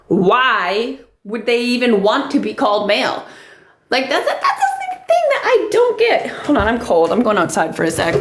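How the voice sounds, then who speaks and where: A woman's voice: fairly high pitch, low-quality recording. A middle-aged woman ranting on a live stream, emphatic and repetitive, often swearing. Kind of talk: unscripted live-stream rant.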